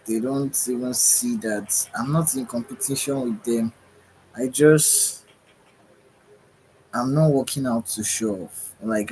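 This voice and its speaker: Slight background noise and a low-quality recording frame a man's mid-range voice. A tired livestream host, he yawns through a rambling spiritual monologue, regularly searching for words and punctuating it with "right?"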